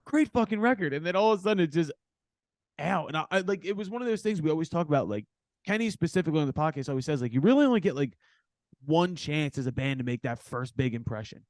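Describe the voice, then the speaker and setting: A man from Philadelphia hosts a casual backstage interview. He talks loosely, full of fillers and the odd curse. His voice sits fairly high and sounds dry and close. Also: lively intonation, fast, no echo. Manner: loose, swearing, many fillers. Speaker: podcast host. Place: backstage studio.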